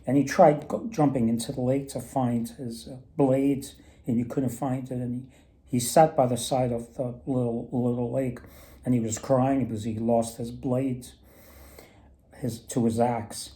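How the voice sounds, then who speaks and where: A storyteller and mythology presenter with a medium-pitched, mellow, level voice speaks a little slowly as he casually retells folk myths and tales. His storytelling talk rambles and restarts often.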